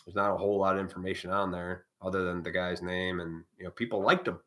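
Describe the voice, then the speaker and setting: A man's voice: sits low, fairly even intonation, fast, a bit bright. A man hosting a live stream, delivering a blunt, profane, preachy monologue in a casual way.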